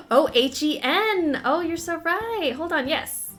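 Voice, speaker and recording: A woman's voice: very high voice, animated, slow pace, a bit bright, faint music behind. A woman streamer playing a detective game with friends, reacting in a playful, giggly way. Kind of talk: casual gameplay chat.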